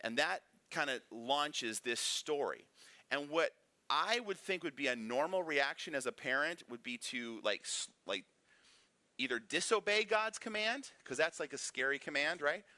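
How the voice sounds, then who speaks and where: A man's voice: a little high, lively intonation, unhurried, bright, forceful tone, no echo. A man teaching a casual Bible lesson in a church classroom, conversational and full of rhetorical questions. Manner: conversational, frequent rhetorical "right?".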